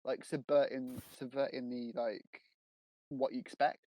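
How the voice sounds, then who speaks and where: A man's voice: medium pitch, little pitch movement, a little slow, mellow, no echo, rough recording. A young man co-hosting a movie podcast, rambling with many fillers. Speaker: podcast co-host. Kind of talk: casual movie review chat.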